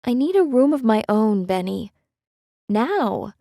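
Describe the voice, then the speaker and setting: Brief: desperate young woman, high and pushy, urgent and emphatic, voiced by a woman narrator, dry audiobook read. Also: sing-song, a little slow, gravelly, mellow, no room sound, heavily acted. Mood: exasperated. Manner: rising pitch, urgent and emphatic. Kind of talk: audiobook character reading.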